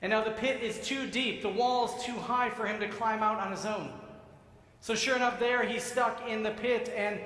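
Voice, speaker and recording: A man giving a sermon as rabbi in a synagogue sanctuary, telling stories in a measured way and acting out the voices. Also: sits high, steady tone, fairly bright tone. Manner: storytelling, acts out voices, measured. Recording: echoey sanctuary with long reverb.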